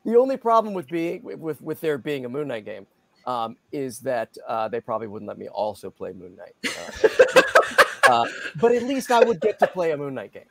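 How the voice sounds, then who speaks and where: A middle-aged man, a guest voice actor, chatting in an interview in a lively, self-deprecating way with many restarts. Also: medium pitch, normal speed, creaky. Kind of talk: casual interview chat.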